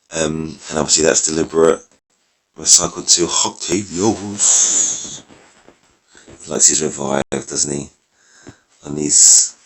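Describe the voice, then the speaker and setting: Low-voiced guy rambling through game decks, voice going a bit hoarse. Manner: rambling, self-correcting, thinking aloud. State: losing his voice. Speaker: mobile game video creator. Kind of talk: casual gameplay commentary.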